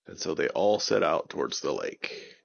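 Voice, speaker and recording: A man narrating a bedtime story for children in a gentle, unhurried way. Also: rumbling low, big pitch swings, vocal fry, muffled recording.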